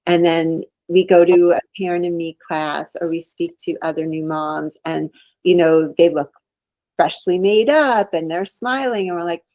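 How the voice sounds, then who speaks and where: A woman's voice: lowish voice, steady tone, moderate pace, darkish tone, dry recording, poor audio. A middle-aged woman, a psychologist guest in a podcast conversation, explaining in an earnest, reassuring way and acting out the inner voices she quotes.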